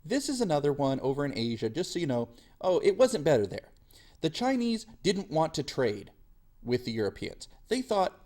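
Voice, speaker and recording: A man's voice: on the high side, sing-song, normal speed, darkish tone. A male history teacher giving a chatty, self-deprecating classroom lecture.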